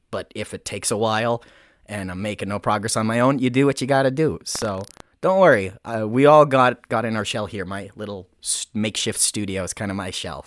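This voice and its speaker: On a dry recording, a young man with a lowish voice hosts a casual advice livestream from a makeshift home studio. He jokes around, wanders off topic, and keeps correcting himself in a playful way.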